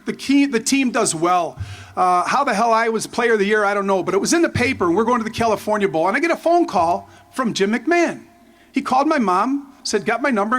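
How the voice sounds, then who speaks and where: A man in his fifties giving a rambling, excited tribute speech full of anecdotes and restarts. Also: sits high. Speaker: former player giving a tribute. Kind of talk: storytelling speech at a memorial.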